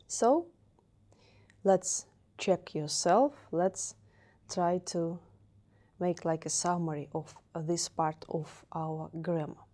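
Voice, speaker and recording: A woman teacher with a Russian accent giving a beginner grammar lesson, repeating each word slowly several times. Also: fairly low pitch, mellow. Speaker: language teacher.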